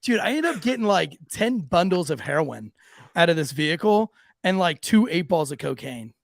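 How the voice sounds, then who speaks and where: Sex: man. Role: podcast co-host, ex-cop. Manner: animated, profane, laughs often. Pitch: high and lively. Sound: dry. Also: normal speed, gravelly, no echo. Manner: animated, laughs often while telling stories; profane, loose delivery with many restarts. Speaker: podcast co-host, former police officer. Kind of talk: casual storytelling chat.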